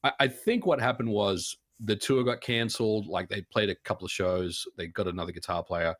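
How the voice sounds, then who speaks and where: A man speaking as a guest in a casual interview, relaxed and reflective, with many fillers. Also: lowish voice, fairly quick, dry recording, studio quality.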